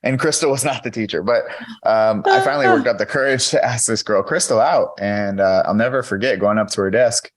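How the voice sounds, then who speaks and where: A man in his thirties, a podcast guest and keynote speaker, tells his own story in an interview against a noisy background. His lowish voice moves briskly with lively intonation, and he speaks candidly and earnestly, using lots of fillers like "you know."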